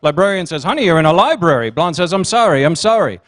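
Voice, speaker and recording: A man working as comedian and emcee at a banquet, telling quick one-liners and teasing the audience. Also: fairly high pitch, animated, a bit bright. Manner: rapid one-liners with teasing crowd work. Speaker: comedian and emcee at a gala dinner. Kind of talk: stand-up joke routine. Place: banquet hall.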